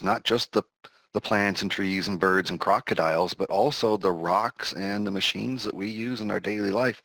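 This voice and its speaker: A man with a very deep voice tells a story in a relaxed, amused, rambling way. The sound is dry and close, with no room behind him. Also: dry recording, rough recording. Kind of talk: casual storytelling chat.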